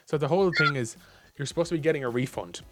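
A young Irish man chatting casually as a podcast co-host, telling a story in a rambling, animated way full of fillers. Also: a little high, fast talker, faint music behind. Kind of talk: casual chat.

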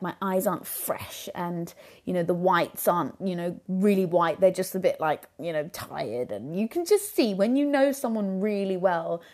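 A woman's voice: lowish voice, darkish tone. A young adult woman talking earnestly on her own podcast about parenthood, reflective and full of "you know"s, into a microphone. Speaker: podcast host. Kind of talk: solo podcast talk.

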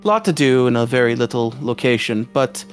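A man voicing a pompous male vampire count posing as a foreign noble, with a put-on foreign accent and stiff formal speech full of hesitant pauses. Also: medium pitch, expressive, faint music behind, natural voice. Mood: courtly.

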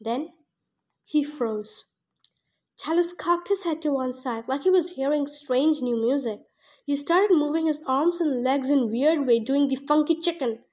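A woman's voice: sits high, measured pace, a little mellow. A woman reading a novel aloud for her podcast, stumbling over words and breaking off with emotional asides. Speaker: audiobook reader and podcast host.

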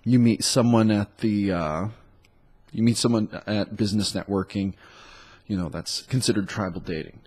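Low husky guy with a stuffy cold, rambling dating coach chat, lots of likes and ums. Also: fairly even intonation, normal speed, a little mellow. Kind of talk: casual solo monologue.

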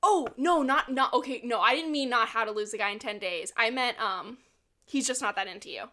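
A woman co-hosting a podcast, recapping a book in casual chat, with lots of "like", quick laughs and casual swearing. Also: fairly high pitch, bright, forceful tone. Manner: retells scenes with lots of "like" and acted quotes. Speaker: podcast co-host.

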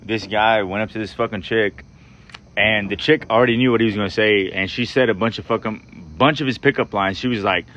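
A man's voice: on the low side, brisk, fairly bright tone, lo-fi sound. A man co-hosting a podcast outdoors, rambling through a story with repeated words and casual swearing. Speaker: podcast co-host.

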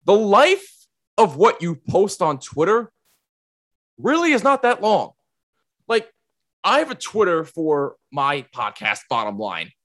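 Animated man podcast co-host. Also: sits high, measured pace, pauses often. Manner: emphatic, repeats himself, laughs often. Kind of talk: casual podcast chat.

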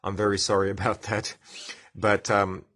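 A man's voice: lowish voice, level tone, normal speed, a bit bright. A man with an Australian accent hosting a casual science podcast, explaining with enthusiasm and chatting with live commenters. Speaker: podcast host.

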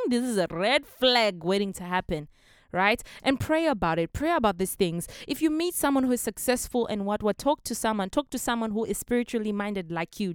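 A woman's voice: mid-range voice, smooth, no echo, studio quality. A young woman from Africa hosting a casual motivational podcast, earnest and emphatic, repeating her key phrases. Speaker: podcast host.

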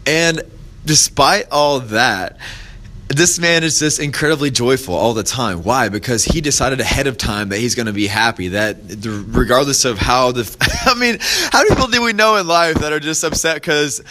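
A man's voice: normal speed, sharp tone. A man hosting his own podcast, giving a casual motivational talk, rambling with restarts and fillers and lifting his voice to act out quoted people in stories. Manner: acts out quoted voices in a higher pitch when telling stories. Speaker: podcast host.

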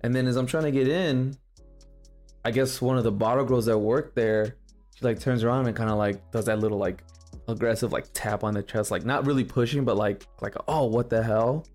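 A man in his twenties co-hosting a live podcast, telling a story in a casual, profane, animated way and acting out the quotes. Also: mid-range voice, fairly quick, soft background music. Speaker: podcast co-host. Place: live show venue.

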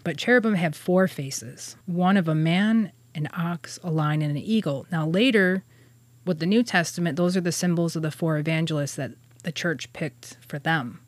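A woman's voice: deep voice, normal speed, no room sound. A woman co-hosting a podcast, casually explaining old religious texts, laughing often and stumbling over words. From Catholic churchgoer. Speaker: podcast co-host explaining angel hierarchy.

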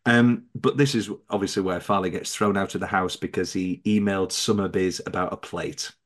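Animated man hosting a film chat. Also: fairly quick. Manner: animated, mimics characters in high voices. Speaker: podcast host. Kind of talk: casual film discussion.

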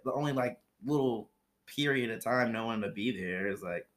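A man from Ohio chats casually about his old job, rambling through his stories with a steady, middle-pitched voice. He leans on fillers and restarts as he goes. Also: normal speed. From Ohio, USA. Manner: rambling storyteller, many fillers. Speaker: guest, former flight attendant. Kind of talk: casual chat.

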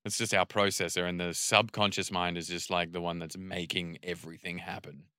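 Australian male co-host, lowish forceful voice, sweary and animated. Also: brisk, smooth, no echo, clean studio sound. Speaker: podcast co-host. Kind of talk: casual chat.

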